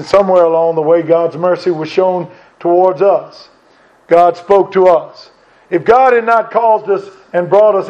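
A high-voiced man preaches an earnest sermon, quoting scripture and circling back over his points. The recording is dull and lo-fi. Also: a little mellow.

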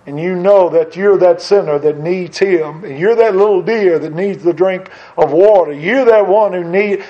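A man's voice: high-pitched, moderate pace, few pauses, warm tone. A man preaching a fervent sermon, calling out questions to his congregation and quoting scripture. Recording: dull lo-fi recording.

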